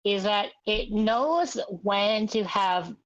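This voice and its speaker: A woman's voice: mid-range voice, animated, slow, lo-fi sound. A woman on a casual podcast chat, hesitant, losing her train of thought. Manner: hesitant, many fillers and restarts, loses her train of thought.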